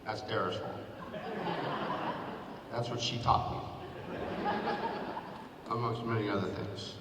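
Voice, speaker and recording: A man's voice: fairly low pitch, fairly even intonation, takes it slowly. A man in his fifties, a former athletic director, giving a sentimental hall of fame acceptance speech and thanking many people by name. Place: school gym at a ceremony. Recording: echoey gym, picked up from far off, noisy.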